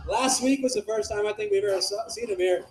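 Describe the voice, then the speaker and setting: A man hosting an open mic night, bringing comics up with brash, profane banter and shouted introductions. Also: high voice, fast talker. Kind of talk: club emcee banter. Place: small comedy club. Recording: echoey club room with faint music.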